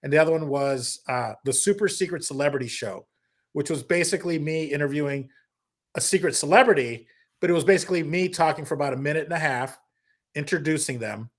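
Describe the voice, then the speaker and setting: A man, a comedian guest on a podcast, telling stories in a lively, casual way and breaking into impressions. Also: a little high, fast talker. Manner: animated storyteller, slips into impressions. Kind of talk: casual interview storytelling.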